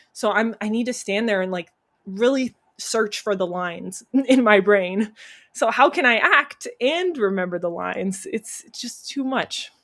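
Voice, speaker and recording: Young woman podcast guest, chatty storyteller who laughs often, mid-pitched voice. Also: a bit bright. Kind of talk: casual chat.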